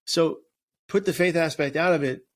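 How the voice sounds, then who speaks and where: A man's voice: on the high side, moderate pace. A man speaking as an interview guest and suicide prevention speaker, earnest and emphatic, often restarting and repeating words. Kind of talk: casual interview chat.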